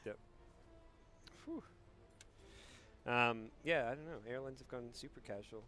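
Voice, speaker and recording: An Australian man commentating a live esports match in a chatty, relaxed way, with lots of fillers. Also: medium pitch, a little slow, faint music behind.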